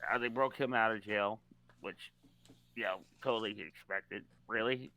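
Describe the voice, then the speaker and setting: A man's voice: on the low side, fairly even intonation, normal speed, sharp tone. A man co-hosting a casual podcast chat, rambling with lots of fillers and restarts. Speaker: podcast co-host.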